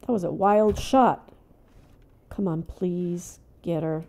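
An older woman narrates her own gameplay in an easy, unhurried way, her voice soft and mellow. She mutters and whispers to herself when things get tense, then bursts out loudly when surprised. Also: on the low side. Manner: talks to herself, swings from hushed whispers to loud outbursts. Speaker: gaming channel host. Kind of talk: casual let's-play commentary.

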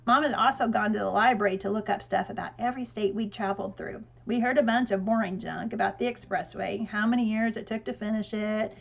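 A woman narrating an audiobook in a lively storytelling way with dry humor. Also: medium pitch, a little fast, vocal fry, hardly any pauses, dull audio.

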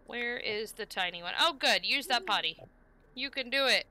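A woman's voice: a little high, animated, normal speed, bright, forceful tone. A woman streaming a life-sim game, chatting casually and coaxing the characters on screen. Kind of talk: casual gameplay commentary.

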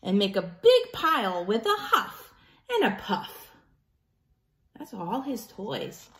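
A woman teacher reading a picture book aloud to children in an animated way, pausing to ask them questions. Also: mid-range voice. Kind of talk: children's story time.

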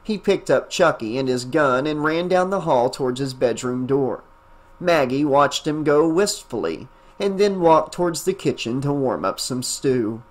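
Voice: medium pitch, animated, measured pace. Enthusiastic audiobook narrator and host. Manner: enthusiastic, chatty, with fillers in the wrap-up. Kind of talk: reading a fan novel aloud, then casual chat.

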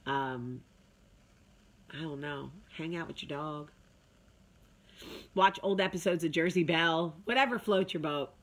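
A woman speaks straight to her viewers in a casual, motivational talk. Her voice sits a little low, and her delivery is chatty and emphatic. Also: a little slow, long pauses, slight background noise. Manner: chatty, emphatic, with sung asides. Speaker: vlog host.

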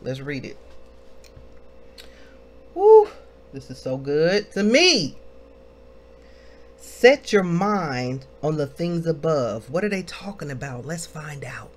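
A woman's voice: low-pitched, animated, takes it slowly. A woman in her thirties leading an informal Bible study, reading passages and exhorting listeners with questions she answers herself. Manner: exhorting, asks questions and answers them, exclaims.

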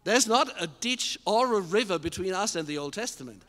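Bright-voiced preacher man in an echoing hall. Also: sits high, expressive, a little fast. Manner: emphatic, building to shouted climaxes; addresses the congregation directly with questions. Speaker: pastor. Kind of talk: sermon. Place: church service with a live congregation. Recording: long hall reverb in a church.

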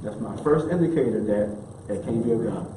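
A man with a lowish voice and lively intonation preaches as minister at a moderate pace. He's emphatic and casually colloquial, repeating key phrases for effect, recorded in an echoey room with faint background noise.

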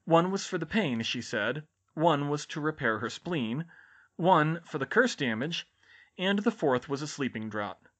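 Animated man narrating an audiobook. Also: a little high, measured pace, husky. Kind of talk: scripted fan-fiction narration.

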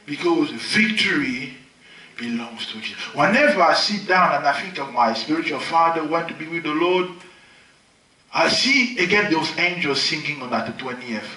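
A man's voice: animated, moderate pace. Preaching man in an echoey hall. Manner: dramatic swings from loud high exclamations to soft low murmurs. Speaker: pastor. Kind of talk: sermon. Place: large hall at a healing crusade. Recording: echoey hall, mic at a distance.

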